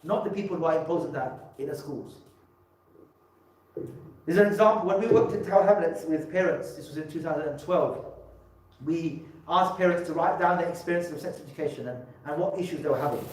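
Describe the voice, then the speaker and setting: A man's voice: fairly high pitch, fairly quick. A man giving a public talk to parents as a religious scholar, speaking emphatically and often repeating words as he restarts. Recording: echoey hall, mic from far off.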